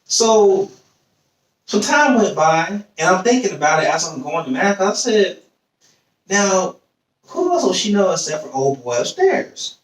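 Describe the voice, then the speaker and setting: High-pitched man telling stories in an echoey room. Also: a little slow. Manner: animated storyteller, acts out quoted voices. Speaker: podcast host. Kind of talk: casual storytelling chat. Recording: echoey room, distant mic.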